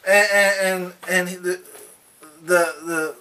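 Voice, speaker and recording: A man with a high, bright and forceful voice gives a daily devotional, telling folksy anecdotes along the way. He sounds a little distant from the microphone. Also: normal speed, slight background noise. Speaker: devotional speaker.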